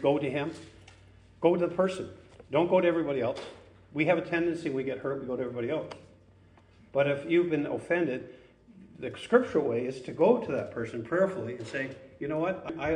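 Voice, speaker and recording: A man preaching a sermon as a pastor, earnest and conversational, reading scripture with lively emphasis. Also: on the high side, reverberant.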